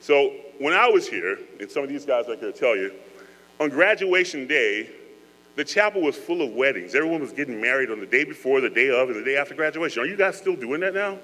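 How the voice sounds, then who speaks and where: A man's voice: medium pitch, animated, a little fast, pushed and bright. A man giving a joking, earnest speech to cadets, talking to them in a conversational way. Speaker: guest speaker. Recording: echoey hall with mains hum.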